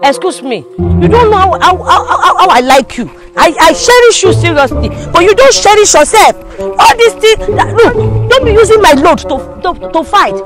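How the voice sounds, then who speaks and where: A smug skit chief, voiced by a woman. He struts through his lines in a very high, lively voice, flirting one moment and barking "excuse me" the next. Music plays clearly underneath. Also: normal speed. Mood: sweet-talking. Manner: bossy, flirty, repeats "excuse me". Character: boastful womanizing male chief, smooth-talking. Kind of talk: comedy skit acting.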